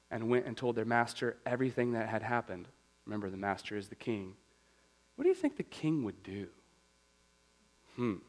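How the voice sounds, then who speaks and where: A man preaching a sermon as a pastor, telling a story in an animated, conversational way. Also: medium pitch, low-quality recording.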